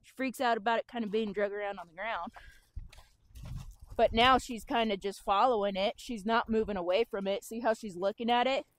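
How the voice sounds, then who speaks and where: A woman horse trainer explaining calmly while working with a horse outdoors and talking to it as she goes. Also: a little high, fairly quick. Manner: calm, explanatory, talks to the horse as she works.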